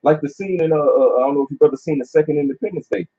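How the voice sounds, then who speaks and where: Among a few men in a casual religious discussion, a group teacher explains scripture in a preachy way, peppering his speech with "uh" and repeating "man." His voice is on the high side, mellow and husky, and he talks rapid-fire. The lo-fi recording sounds dull.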